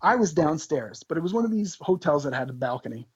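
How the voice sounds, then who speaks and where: A man, a podcast guest, telling tour stories in an animated, swearing, laughing way. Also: a little high, fast talker, slightly rough, dry recording, highs cut off. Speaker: podcast guest, band member. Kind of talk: casual storytelling.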